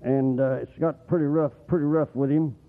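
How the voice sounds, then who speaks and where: A man preaching a folksy, rambling sermon as the pastor, getting excited and whooping at times. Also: fairly high pitch, normal speed. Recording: tinny phone-like radio broadcast.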